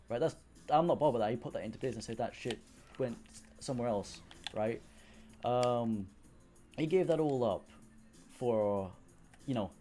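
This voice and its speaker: Young male streamer, Yorkshire-South Wales accent, mid pitch, loose rambling chat with casual swearing, faint music underneath. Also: warm tone. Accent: mix of Yorkshire and South Wales. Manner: rambling, swears freely, restarts sentences. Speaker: live streamer.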